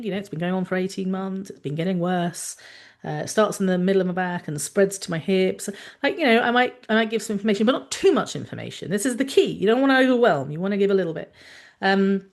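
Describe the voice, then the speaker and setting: A woman doctor hosting a talk, explaining frankly in a chatty way with lively asides. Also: medium pitch. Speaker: doctor and podcast host.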